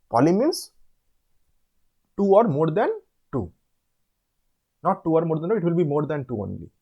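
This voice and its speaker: A man with an Indian English accent tutoring students through an English assignment, explaining step by step and repeating words slowly. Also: a little high, darkish tone, breathy edge. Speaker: online course tutor. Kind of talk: assignment walkthrough lesson.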